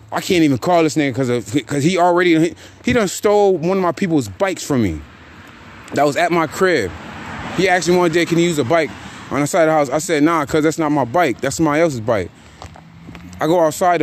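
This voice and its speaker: A man hosting a podcast, venting in a casual, animated rant full of profane street slang. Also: fairly high pitch. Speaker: podcast host.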